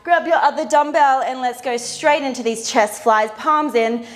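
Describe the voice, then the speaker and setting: High-voiced, breathless woman fitness coach. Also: moderate pace. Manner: encouraging, upbeat, coaching while exercising. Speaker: fitness instructor. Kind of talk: guided workout instruction. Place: indoor workout studio.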